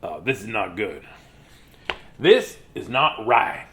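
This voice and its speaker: Brief: a man playing a big gentle storybook elephant, deep, slow and fretful. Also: big pitch swings, gravelly, a little hiss or hum, exaggerated voice. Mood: worried.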